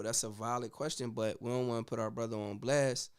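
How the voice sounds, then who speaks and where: A man hosting a casual commentary show, talking in an animated, slangy way with frequent "you know what I'm saying.". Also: medium pitch, moderate pace, smooth. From United States. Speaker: host.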